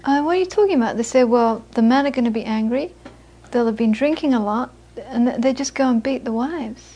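A woman's voice: fairly high pitch, steady tone, a little fast, dark tone, slightly rough. A middle-aged woman giving an informal Buddhist talk, telling stories with many restarts and repeated words. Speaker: Buddhist teacher. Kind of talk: informal dharma talk with anecdotes.

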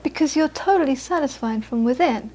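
A woman gives a relaxed Buddhist teaching in a high, light voice. She tells her stories in a chatty way, often restarting and repeating words. She sounds middle-aged. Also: brisk. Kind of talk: informal dharma talk with anecdotes.

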